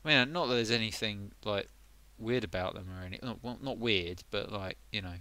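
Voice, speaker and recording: A man's voice: fairly low pitch, fairly quick, pushed and bright, no echo. A man chatting on a live stream who is a bit under the weather, rambling and muttering to himself as he gets sidetracked. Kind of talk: casual live stream chat.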